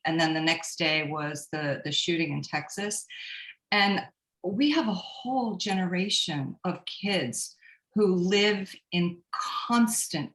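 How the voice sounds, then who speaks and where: A woman council member speaks at a public meeting over a call. Her voice sits a little low and comes through an echoey room. She talks in an emotional, halting way and often restarts her sentences. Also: fairly bright tone.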